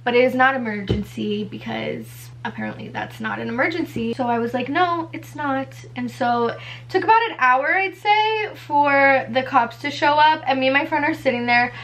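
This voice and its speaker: A young woman vlogger telling a personal story in a casual storytime style, animated and full of fillers, acting out what people said. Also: sits high, slight background noise. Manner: animated, fast-paced retelling with many fillers and acted-out quotes.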